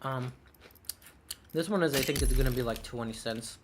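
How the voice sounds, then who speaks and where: A young man talks casually to his livestream audience, his voice sitting at an ordinary middle pitch. He rambles, restarts sentences and answers small letdowns with dry, sarcastic remarks and short laughs. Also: moderate pace, noisy background. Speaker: streamer. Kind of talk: casual livestream commentary while opening game cases.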